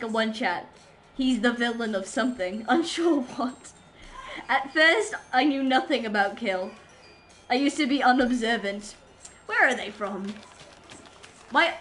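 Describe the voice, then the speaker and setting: This low-quality recording, with slight background noise, has a woman streaming a game and chatting loosely with viewers. She rambles, giggles, and mocks herself in a somewhat high, a bit bright voice.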